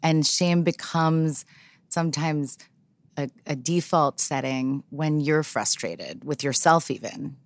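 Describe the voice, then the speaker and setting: A woman's voice: low-pitched, slow pace, no room sound. A woman hosting a podcast interview, answering her guest with short supportive affirmations. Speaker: podcast host.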